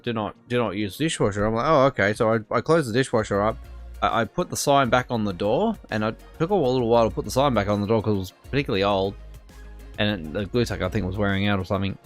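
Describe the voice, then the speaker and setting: A man's voice: lowish voice, quick pace, faint music behind. A young Australian man telling a work story in a casual, rambling way, full of fillers and restarts and getting indignant. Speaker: streamer.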